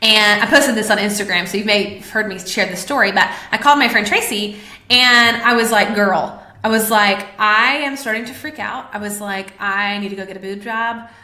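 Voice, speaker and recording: A woman's voice: medium pitch, normal speed, pushed and bright, echoey room. A woman hosting a live-streamed talk, speaking candidly and confessionally to her viewers, with plenty of fillers. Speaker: podcast host. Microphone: webcam or phone on a live stream.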